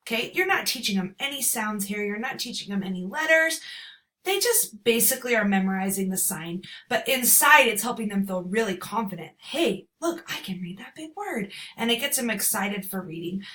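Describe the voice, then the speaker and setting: A woman's voice: mid-range voice, lively intonation, normal speed, bright, forceful tone. A woman in her thirties giving an upbeat lesson to parents, acting out letter sounds with exaggerated emphasis. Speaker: teacher. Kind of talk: instructional talk to parents.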